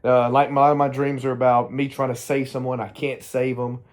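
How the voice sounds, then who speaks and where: A middle-aged man with a drawl talks openly to his camera in a loose personal vlog. He meanders, restarts his sentences and drifts off topic, in an ordinary mid-pitched voice. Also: flat delivery, moderate pace. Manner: candid, meandering, self-interrupting. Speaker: vlogger.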